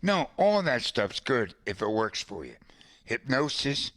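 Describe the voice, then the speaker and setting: A man's voice: medium pitch, very animated, measured pace, fairly bright tone, dry recording. A man hosting a podcast, telling a long personal story in a casual, conversational way, with asides to a co-host.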